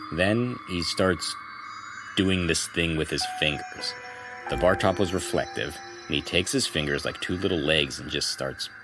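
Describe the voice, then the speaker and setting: Very deep-voiced man reading a story aloud. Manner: storytelling read-aloud with conversational asides. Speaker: podcast co-host.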